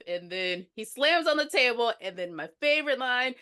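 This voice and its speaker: A woman's voice: a little high, lively intonation, normal speed, hardly any pauses, bright, forceful tone, clean tone. A woman podcast co-host recapping a movie in casual chat, animatedly acting out the characters' lines as she tells the story.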